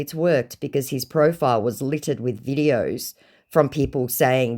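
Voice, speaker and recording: Sarcastic woman with a very low voice. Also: animated, moderate pace, darkish tone. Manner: sarcastic and mocking. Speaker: scam-baiting content creator. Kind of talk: casual vlog storytelling.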